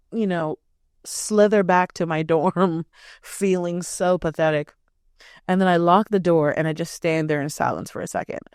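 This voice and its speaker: A woman's voice: on the low side, clear, resonant tone, dry recording, clean studio sound. A young woman hosting a podcast, telling a personal story in a blunt, profane, emphatic way. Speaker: podcast host. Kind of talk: casual storytelling.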